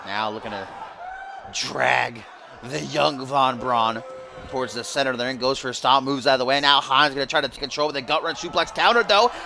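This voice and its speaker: A young man doing mock play-by-play commentary over a wrestling video game, bursting into shouts at big moves. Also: medium pitch, steady tone, fairly quick, vocal fry. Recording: loud game crowd and noise behind. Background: loud arena crowd and game sounds.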